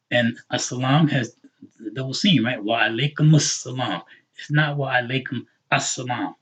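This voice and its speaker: Husky man teaching a slow patient class. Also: mid-range voice. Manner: patient, repeats words slowly for learners. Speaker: Arabic teacher. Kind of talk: online class lesson. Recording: dull lo-fi recording.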